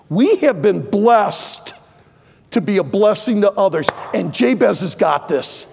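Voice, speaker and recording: Impassioned older preacher in a reverberant church. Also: male voice, very animated, unhurried, creaky, breathy edge. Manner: impassioned, swings from loud pleading to low asides. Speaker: pastor. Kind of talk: sermon. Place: large church sanctuary.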